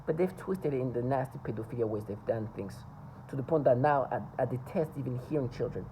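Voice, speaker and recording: A woman talking to camera in a personal vlog monologue, earnest and insistent, often halting, repeating words and restarting sentences. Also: extremely low pitch, expressive, warm tone, slight background noise, low-quality recording. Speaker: vlogger.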